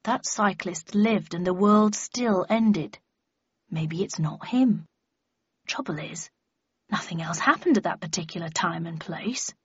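A woman voicing a wry, calm and eccentric older father, with a husky voice and a measured, dry, unhurried delivery. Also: fairly low pitch, dry recording, lo-fi sound. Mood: puzzled.

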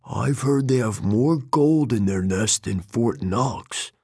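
A man voicing a gruff, grumbling teenage boy who forges armor, reading at a slow, husky pace. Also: medium pitch, darkish tone, dry recording, studio quality, heavily acted. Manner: gruff, grumbling, often whispered.

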